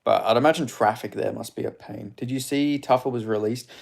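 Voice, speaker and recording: A man's voice: mid-range voice, brisk, creaky. Australian man rambling on a live stream. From Perth, Australia. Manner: rambling, crude, greets chat by name. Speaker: livestream host. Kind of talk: casual live-stream chat.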